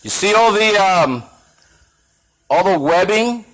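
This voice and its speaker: A man's voice: high voice, animated, slow, fairly bright tone, rough recording. Angry, blunt machinist man. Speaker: shop machinist. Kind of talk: workshop demonstration to camera.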